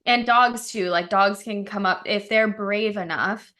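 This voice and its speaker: A woman's voice: mid-range voice, a little slow, pushed and bright. A woman co-hosting a casual podcast chat, telling stories in a chatty way with lots of "like" fillers. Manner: chatty storytelling with frequent "like" fillers. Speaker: podcast co-host.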